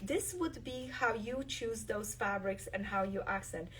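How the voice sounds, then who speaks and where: Enthusiastic quilting host, a bit off-mic. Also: female voice, mid-range voice, a little slow, recorded from a distance, a little hiss or hum. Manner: enthusiastic, shows fabrics while talking. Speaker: quilt designer hosting a live stream. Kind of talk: live craft demonstration.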